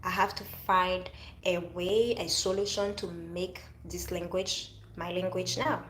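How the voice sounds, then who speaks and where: A woman's voice: on the low side, fairly even intonation, measured pace, fairly bright tone, reverberant, a little hiss or hum, low-quality recording. Earnest woman with a French accent. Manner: earnest, repeats and restarts phrases. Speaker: vlogger. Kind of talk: casual motivational monologue.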